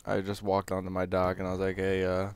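A man's voice: sits low, completely flat delivery, fast talker. A young man giving casual, rambling gameplay commentary, full of hesitant fillers.

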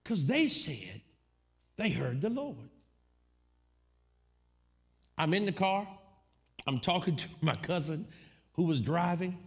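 A man's voice: fairly high pitch, slow pace, pauses often. A man preaching a storytelling sermon, acting out the people in his story as he goes. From United States. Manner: animated, acts out quoted voices.

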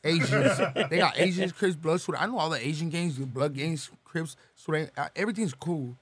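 A young man from Los Angeles, talking casually as a podcast guest, swearing and slangy, reeling off shout-outs. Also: on the high side, a little fast, slightly rough, dry recording.

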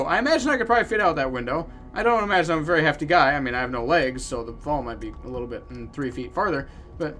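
A man playing through a game on camera, with goofy, theatrical commentary and sudden loud outbursts. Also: fairly high pitch, expressive, quick pace, hardly any pauses, a little hiss or hum. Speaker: gaming YouTuber. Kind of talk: let's play commentary.

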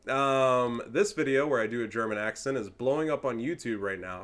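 A young man commentating his own strategy match with a bright, forward tone. He talks casually, swears freely and laughs easily between moves. His pitch sits at an ordinary middle level. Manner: casual, slangy and profane, quick to laugh. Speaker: gaming YouTuber and caster.

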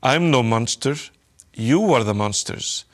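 A man voicing a smooth-talking, greedy male space trader in a storybook reading, with a sly, wheedling patter. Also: medium pitch, expressive, unhurried, natural voice. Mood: smug.

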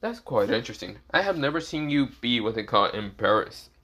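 A man's voice: medium pitch, very animated, a little fast, pushed and bright. A man voicing an irritable, crude male dragon who bickers and swears at his host boy. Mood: bewildered.

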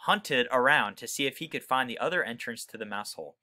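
A man reads a children's story aloud, stopping to explain words to young listeners. His voice is bright and lively, swinging widely in pitch. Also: brisk. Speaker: reader for children. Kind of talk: reading a children's book aloud.

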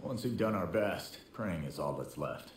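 Deep gruff ex-cop, blunt and clipped, echoey game audio. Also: male voice, animated, normal speed, a little hiss or hum. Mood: calm. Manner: blunt, clipped, matter-of-fact.

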